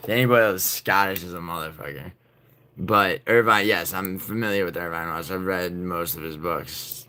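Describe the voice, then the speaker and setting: A man hosting a livestream, chatting casually and profanely with viewers, rambling and then turning loud and insistent. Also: low voice, moderate pace, a little hiss or hum. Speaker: livestream host.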